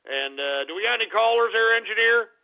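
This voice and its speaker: A man's voice: high-pitched, expressive, a little fast. Winded, ranting male radio host. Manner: swearing, agitated, ranting bursts then muttering. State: winded, lightheaded. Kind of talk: call-in radio talk. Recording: tinny phone-like call-in audio.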